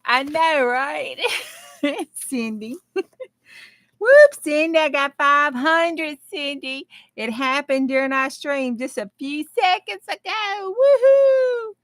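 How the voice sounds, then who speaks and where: A woman, hosting a casual craft livestream and chatting excitedly with her viewers. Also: high-pitched, slow pace, no echo, studio quality.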